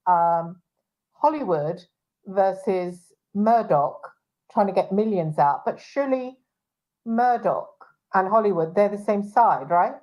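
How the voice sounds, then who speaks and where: An agitated woman hosting a casual talk show, voice at an ordinary middle pitch. She talks in an indignant rush, restarting sentences and trailing off into fillers. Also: expressive, takes it slowly, darkish tone, poor audio. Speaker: show host and private investigator.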